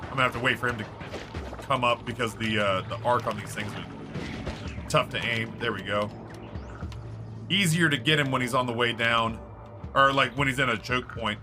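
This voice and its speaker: A man streaming a game, chatting casually in a rambling, animated storytelling way with many fillers. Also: mid-range voice, moderate pace, long pauses, music in the background.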